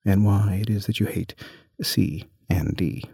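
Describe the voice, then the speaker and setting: A man's voice: mid-range voice, very animated, moderate pace, gravelly, dark tone, husky, dry recording, studio quality, full character voice. A man voicing a polite, curious young girl in a storybook reading. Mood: earnest. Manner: humble, earnest.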